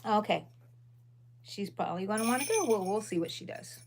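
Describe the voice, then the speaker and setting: A middle-aged woman, chatting casually on a livestream as she crochets, relaxed and rambling between chores, her dogs and counting stitches. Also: fairly high pitch, brisk, a little hiss or hum.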